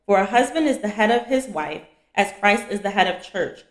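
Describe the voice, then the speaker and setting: A woman's voice: medium pitch, expressive, normal speed. A young woman, hosting a faith podcast for women and teaching casually, blunt and chatty, calling her listeners "y'all.". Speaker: podcast host and fiancée coach. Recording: echoey room.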